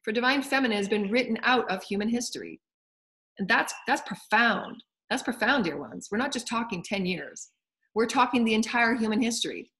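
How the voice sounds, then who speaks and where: A woman's voice: a little high, lively intonation, brisk, a bit bright. Fervent woman giving a spiritual address. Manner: fervent, repetitive, emphatic. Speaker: spiritual channel.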